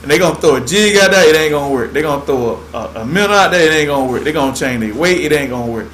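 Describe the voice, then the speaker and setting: Laid-back man, fairly high voice. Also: lively intonation, racing, a bit bright, slight background noise. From Georgia, US. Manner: laid-back, drawling, says "man" constantly. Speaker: fishing show host. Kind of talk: casual livestream chat.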